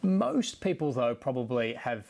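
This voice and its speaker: A man's voice: mid-range voice, sing-song, vocal fry, a little mellow. A man, a tech journalist presenting a TV interview and asking questions with frequent restarts and fillers. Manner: halting, many restarts and fillers.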